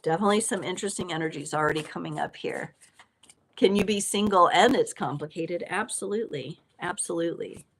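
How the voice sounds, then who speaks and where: Woman tarot reader, lowish voice, chatty and playful, live-stream host. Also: fast talker, gravelly, slight background noise. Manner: chatty and playful, with frequent fillers and laughs. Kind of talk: casual live tarot reading.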